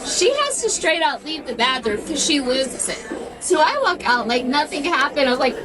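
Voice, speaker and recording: A woman guest in casual chat, telling a story with lively energy and frequent laughter. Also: high-pitched, normal speed, poor audio. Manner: animated storyteller, laughing often. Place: beauty lounge.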